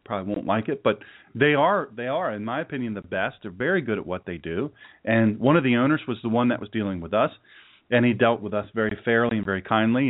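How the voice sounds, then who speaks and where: A man's voice: mid-range voice, phone-quality sound. A man preaching a sermon to a live audience, folksy and joking, rambling through stories between laughs. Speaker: pastor.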